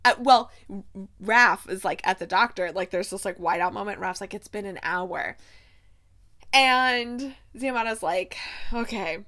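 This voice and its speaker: A young woman casually recapping a TV season, retelling scenes with animated asides and quoting characters in a softer voice. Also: mid-range voice, unhurried. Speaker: podcast host recapping a TV show. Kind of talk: casual chat.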